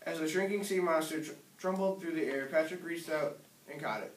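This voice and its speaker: A man reading a children's picture book aloud in a gentle storytelling manner. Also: fairly high pitch, brisk. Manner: gentle storytelling, small slips. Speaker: reader. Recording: echoey room, distant mic.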